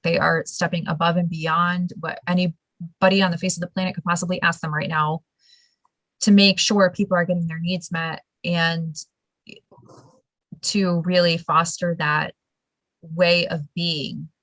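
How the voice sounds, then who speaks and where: A woman hosting a casual interview, telling stories in an animated, emphatic way and laughing now and then. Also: fairly low pitch, a little slow, no room sound, poor audio. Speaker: show host.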